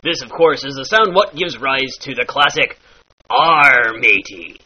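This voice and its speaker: With a husky, mid-range voice at normal speed, a man animatedly teaches pirate speech in a playful lesson. He uses mock-archaic phrasing and demonstrates every sound, captured in a dull lo-fi recording.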